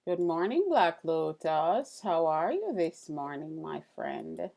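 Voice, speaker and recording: A chatty woman hosts a relaxed live stream, greeting viewers between tasks. Her voice sits low with a gravelly edge, and she talks at an unhurried, slow pace. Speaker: livestream host. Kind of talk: casual live-stream chat while carving.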